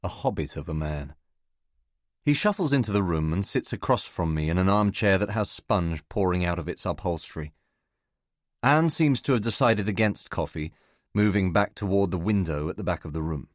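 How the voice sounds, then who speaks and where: Deep-voiced male audiobook narrator. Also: animated, moderate pace, dry recording, clean studio sound. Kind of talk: scripted first-person novel narration.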